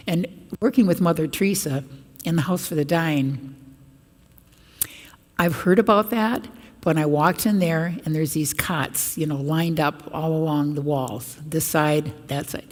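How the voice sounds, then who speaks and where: An older woman with a low voice tells stories to a parish congregation and springs into raised voices for the people she quotes. Her words ring out with the long reverb of a large church. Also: darkish tone. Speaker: guest speaker at a parish mission. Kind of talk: storytelling talk to a congregation.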